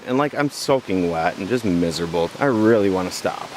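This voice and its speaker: A worn-out man with a lowish voice recounts his day to a camera held at arm's length in the woods. He swears freely and acts out the people he met. A faint outdoor hiss sits behind him. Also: brisk. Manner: swears freely, animated retelling with put-on quotes. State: exhausted. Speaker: solo backpacker vlogging on the trail. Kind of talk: casual vlog storytelling. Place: outdoors on a forest trail. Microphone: handheld camera at arm's length.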